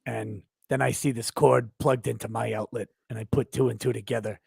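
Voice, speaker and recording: A man doing a deadpan grumpy neighbor. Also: mid-range voice, fairly quick, gravelly, breathy edge, no room sound, studio quality, voice pushed down, full character voice. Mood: irritated. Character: grumpy middle-aged cartoon neighbor man.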